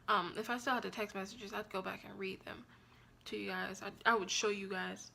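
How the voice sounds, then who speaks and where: A young woman telling a personal story on her vlog in a frank, blunt and profane way, with an animated and expressive delivery. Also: mid-range voice, fairly quick, vocal fry. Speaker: vlogger.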